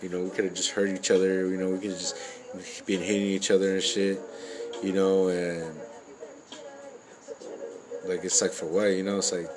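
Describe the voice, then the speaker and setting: Deep, flat-voiced man rambling casually. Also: moderate pace, pauses often, a crowd in the background, low-quality recording. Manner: rambling, filler-heavy, profane street slang. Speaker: parent sharing life stories. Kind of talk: casual personal storytelling.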